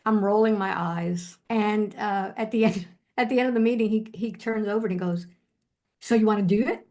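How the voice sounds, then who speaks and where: An older woman, a hypnotherapist, telling a personal story in an interview in an animated way, quoting herself and using many fillers. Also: medium pitch, moderate pace. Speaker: hypnotherapist guest.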